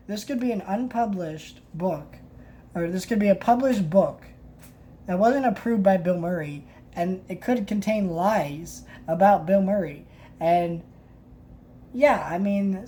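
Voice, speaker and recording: Mellow-voiced woman reviewing a book. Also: mid-range voice, a little hiss or hum. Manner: halting, many restarts and fillers. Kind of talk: casual book review reading aloud.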